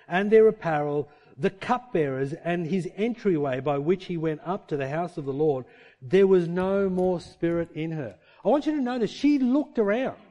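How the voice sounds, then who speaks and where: A man preaching a sermon in a conversational, animated style, full of rhetorical questions and shifts of pace. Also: high voice. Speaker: pastor.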